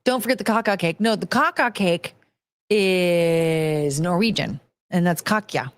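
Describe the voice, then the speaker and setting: An American woman chats on a livestream in a loose, ranting way and swears freely. Her pitch leaps around with a lot of life. The sound is dry and close to the mic. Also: animated, fairly quick, a bit bright, dry recording. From United States. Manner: ranting, profane, talks to chat. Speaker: streamer host. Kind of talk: casual livestream chat.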